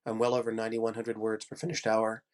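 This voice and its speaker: A man's voice: fairly low pitch, monotone, fast talker, a little mellow. Upbeat man with a head cold. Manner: generous, upbeat, encouraging. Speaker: audiobook narrator and coach. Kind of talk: conference talk.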